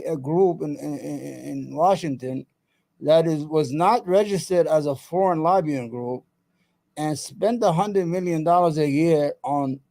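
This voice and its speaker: Male livestream host, fairly high voice, fired-up profane rant with casual banter to chat. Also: warm tone. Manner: heated, profane, repeats himself; chatty asides to viewers. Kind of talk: ranting political commentary.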